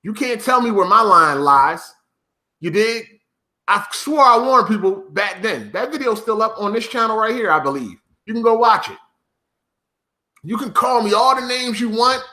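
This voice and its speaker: A man with a high, bright, forceful voice vents straight to his audience in a profane vlog rant. He repeats his points over and over with emphatic, swearing insistence. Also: animated, moderate pace. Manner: profane, repetitive, emphatic ranting. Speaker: YouTuber.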